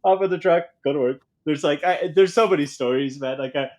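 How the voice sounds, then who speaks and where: Man, podcast guest, casual storytelling, animated, profane, somewhat high-pitched. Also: brisk.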